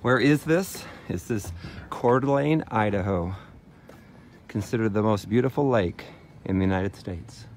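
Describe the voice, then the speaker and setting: A man giving a casual walking tour by a lake in a playful, chatty way, pausing often with "uh". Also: lowish voice, a little mellow. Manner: playful, chatty, with frequent "uh" pauses. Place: outdoors by a lake. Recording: outdoor background noise.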